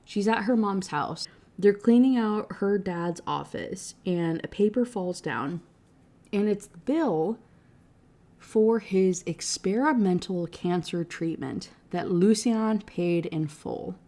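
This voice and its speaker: A woman's voice: mid-range voice, takes it slowly, warm tone. A woman giving a casual, ranting book review, blunt and profane, chatty with lots of fillers.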